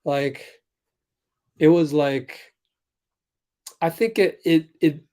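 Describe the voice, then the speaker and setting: Slow, chatty man calling a game. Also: fairly high pitch, a little mellow. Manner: chatty, thinks aloud, calls plays in quick bursts. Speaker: sports livestream host. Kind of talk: casual live game commentary and chat.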